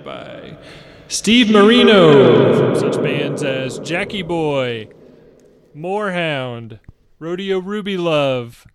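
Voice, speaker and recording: A man hosting a radio show from a studio, chatting loosely and laughing between jokes. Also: on the high side. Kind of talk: casual radio chat.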